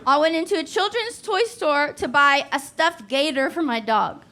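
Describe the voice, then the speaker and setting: Woman, forties, stand-up comic, profane, self-deprecating, high voice, noisy live club. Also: expressive, normal speed. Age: 40s. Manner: profane, self-deprecating, laughs at her own jokes. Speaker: stand-up comedian. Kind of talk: stand-up set. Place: comedy club stage. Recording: live club with loud audience laughter.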